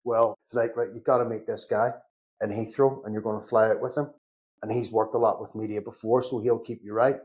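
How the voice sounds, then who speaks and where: A middle-aged man from Northern Ireland with a Belfast accent, a podcast guest telling lively stories in casual chat, acting out both sides of each conversation and swearing now and then. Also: fairly low pitch, brisk. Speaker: podcast guest, security consultant.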